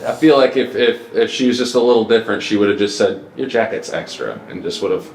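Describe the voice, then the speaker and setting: A man hosts a podcast in casual comedic chat, with a low voice. He tells stories in a deadpan, mock-grandiose way. The room sounds echoey around him. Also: brisk, faint music behind. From Mississippi, US. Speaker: podcast host.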